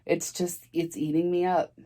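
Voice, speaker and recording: A middle-aged woman with a low voice tells her story casually to camera. She rambles and restarts, sounding close to tears. It is a plain storytime vlog delivery. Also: flat delivery, mellow. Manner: rambling, halting, emotional, restarts often. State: tearful, near crying. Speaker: vlogger.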